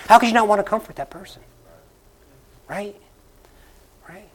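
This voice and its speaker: In a church sanctuary, a pastor from the Northeastern United States with a high voice preaches at normal speed to his congregation. He tells stories conversationally, laughs, repeats lines for emphasis, and moves into a closing prayer.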